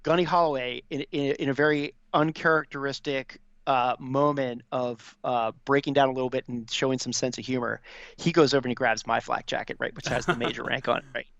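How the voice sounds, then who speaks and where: A man, a former Marine officer, telling anecdotes as a podcast guest in a quick, animated way with many fillers. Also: medium pitch, vocal fry, dry recording, lo-fi sound. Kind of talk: casual storytelling.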